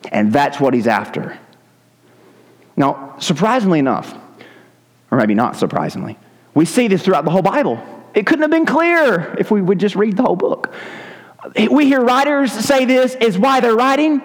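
A man preaching a sermon, dramatic, swinging between loud calls and low hushed lines. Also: big pitch swings, moderate pace, pauses often, in a large hall, poor audio. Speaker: pastor. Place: church sanctuary.

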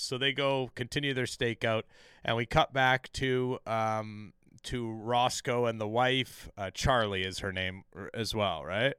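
A man's voice: medium pitch, fairly even intonation, measured pace, a bit bright, smooth, no echo, clean studio sound. A man co-hosting a podcast, recapping a TV episode in casual, profane chat full of fillers and restarts.

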